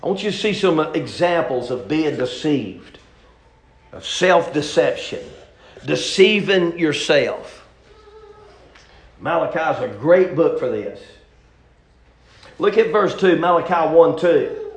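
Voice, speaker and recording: A preacher man delivering a sermon in a folksy drawl, his voice sitting high for a man. His delivery climbs from easygoing talk into loud shouts. The sound comes from an echoey church room. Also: animated, slow, pauses often.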